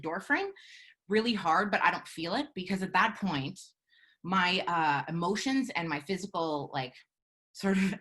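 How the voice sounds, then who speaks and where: Earnest low-voiced woman. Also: sharp tone. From Canada. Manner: earnest, measured, with halting pauses and fillers. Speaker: storyteller. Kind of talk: live personal storytelling.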